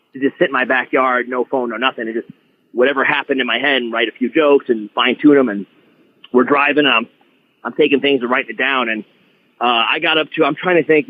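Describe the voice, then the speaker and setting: A man guest on a podcast, telling stories in an animated, restart-filled way over a phone-like line. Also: mid-range voice, brisk. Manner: animated storyteller, many restarts. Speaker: guest wrestler. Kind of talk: casual podcast chat.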